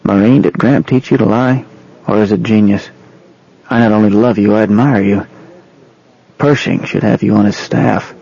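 Male narrator as an earnest, lovestruck young soldier, measured, muffled lo-fi sound. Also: fairly low pitch, fairly even intonation, gravelly, mellow, slightly rough. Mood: affectionate.

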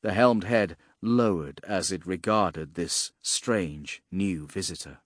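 A man narrating a fantasy audiobook in a measured, expressive way, with a husky voice. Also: sits low, no echo, studio quality.

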